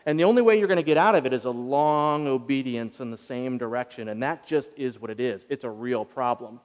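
A man's voice: medium pitch, a little fast, long reverb tail. A man preaching a sermon in a conversational, emphatic storytelling manner, retelling scripture and addressing the congregation directly. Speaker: pastor.

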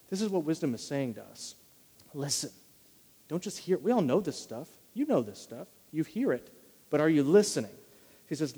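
A man preaching a sermon in a conversational way, repeating key phrases and slowing down to read scripture. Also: fairly high pitch, very animated, dark tone, breathy edge. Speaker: pastor. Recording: long reverb of a large hall.

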